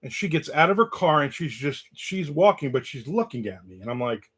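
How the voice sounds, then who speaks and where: A man hosts a laid-back livestream in the American South, narrating a story and reading out chat comments. He talks a little fast in a slightly high, sing-song voice that's fairly bright with a breathy edge.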